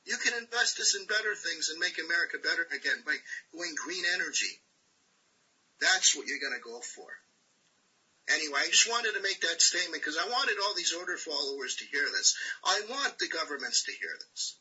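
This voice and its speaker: A man rants with preachy conviction, punching his points with repeated tag questions. His voice is high for a man and very bright, with heavy rasp. It comes through a dull, lo-fi call line. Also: sing-song, fairly quick. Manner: preachy, repetitive "all right?" tag questions. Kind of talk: impassioned rant on a group call.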